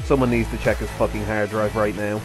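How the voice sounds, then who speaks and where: A man's voice: lowish voice, little pitch movement, fairly quick, over music. A man hosting a commentary video, ranting heatedly and sarcastically with constant swearing. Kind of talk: angry rant commentary.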